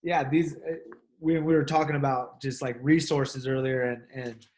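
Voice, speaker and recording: A man, a wrestling coach, talking casually and haltingly with many restarts. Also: medium pitch, fairly even intonation, a little mellow. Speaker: wrestling coach, podcast co-host. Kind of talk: casual chat.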